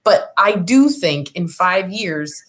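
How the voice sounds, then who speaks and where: A woman guest in a casual remote chat, telling stories in a lively, chatty way. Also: on the low side, slow pace. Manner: chatty, animated storyteller. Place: home, remote video call.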